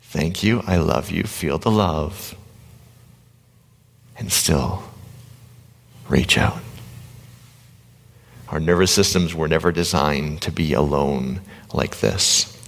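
A man with a low, deep voice delivers a motivational talk to a live audience. He is animated, acts out the voices in people's heads, and sometimes drops to a whisper. His voice carries a long reverb from a large gym hall. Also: slow, vocal fry, long pauses. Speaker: motivational speaker.

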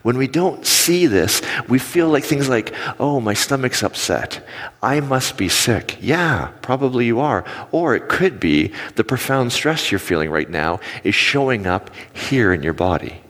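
A pastor in his forties preaches a sermon on stage with a mid-range voice, speaking unhurriedly with few pauses. He tells stories and animatedly acts out quotes, and a long hall reverb fills the recording.

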